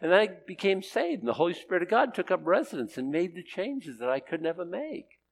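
An older man, a pastor, preaching a sermon with animated emphasis that swings between loud declarations and hushed, quiet passages. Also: high-pitched, fairly quick.

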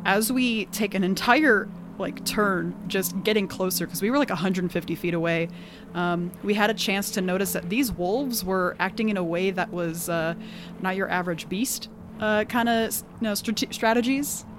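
A woman with an accent casually recapping a tabletop game session, animated and laughing often, peppering her talk with "like". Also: medium pitch, moderate pace, noisy background. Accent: non-standard accent of her own. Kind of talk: casual storytelling chat.

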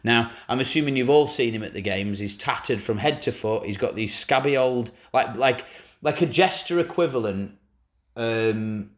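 A man's voice: mid-range voice, moderate pace. A man co-hosting a casual chat, telling wry, sweary anecdotes. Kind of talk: casual banter.

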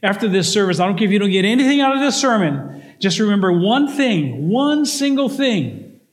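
High-voiced older man preaching a lively sermon. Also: normal speed. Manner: animated storytelling preacher, acts out voices in his stories. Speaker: pastor.

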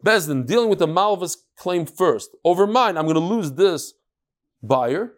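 Animated man teaching Talmud. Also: high-pitched, a little slow. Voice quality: animated, storytelling with acted quotes and sudden loud punches. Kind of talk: lively Talmud lecture.

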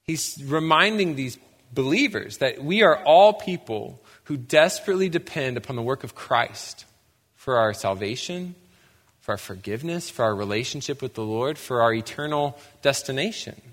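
Bright-voiced young male pastor preaching. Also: mid-range voice, normal speed. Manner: animated storytelling, bursts into shouts when acting out scenes. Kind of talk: sermon. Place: church sanctuary. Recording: long hall reverb.

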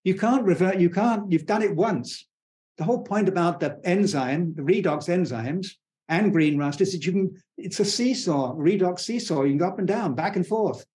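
A man speaking as a guest scientist in an interview, talking fast and enthusiastically, blunt and digressive, with frequent restarts. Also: sits high, a little mellow. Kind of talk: conversational interview explanation.

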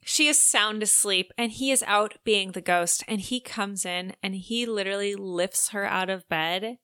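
A woman's voice: mid-range voice, measured pace, bright, forceful tone, no room sound, studio quality. A young woman co-hosting a book podcast in casual, frank chat, full of fillers and casual swearing.

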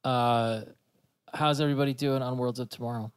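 A man's voice: mid-range voice, fairly even intonation, fairly quick, clear, resonant tone. A man hosting a podcast, steering the casual discussion in an upbeat, talkative way. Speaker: podcast host. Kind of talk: casual chat.

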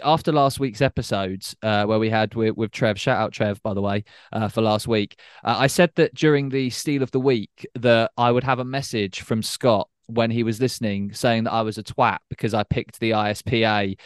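A man's voice: mid-range voice, clear, resonant tone, dry recording, studio quality. A man hosting a casual podcast, teasing and joking with a guest. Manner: teasing, playful banter. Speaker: podcast host.

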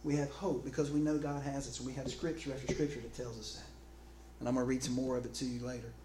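A man preaching a sermon in an animated, conversational way, often restarting phrases and calling out to his congregation. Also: mid-range voice, fast. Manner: calls out to the congregation. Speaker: pastor. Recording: echoey room with faint background noise.

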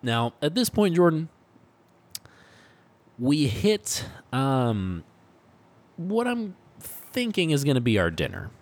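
A man's voice: a little high, huge pitch swings, slow pace, pauses often. A man co-hosting a casual chat, enthusiastic and joking, rambling with fillers. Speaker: podcast co-host.

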